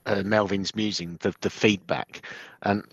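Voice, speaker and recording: A man's voice: fairly low pitch, fairly even intonation, a little slow, no room sound. A British man co-hosting a podcast, chatting in a rambling, enthusiastic way. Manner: rambling, enthusiastic, lots of fillers. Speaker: podcast co-host. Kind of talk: casual chat.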